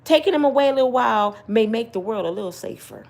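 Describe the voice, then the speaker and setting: A middle-aged woman with a somewhat high voice talks straight to her viewers in casual story-time commentary. She is blunt and preachy, scolds hard, and repeats her points for emphasis. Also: lively intonation, fast talker, gravelly, a little mellow. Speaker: vlogger giving personal opinions.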